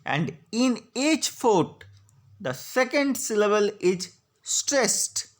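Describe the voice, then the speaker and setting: A woman giving a slide lecture on poetry, slowly spelling out syllables and stresses. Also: a little high, sing-song. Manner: slow, deliberate, spelling out syllables. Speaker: literature lecturer.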